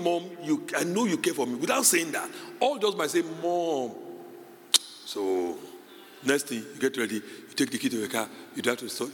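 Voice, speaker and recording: A male pastor preaching a sermon, moving between quiet conversational asides and loud, high, shouted emphasis. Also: a little hiss or hum. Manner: animated preaching, swinging from low asides to high shouted peaks. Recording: reverberant hall with faint ambience.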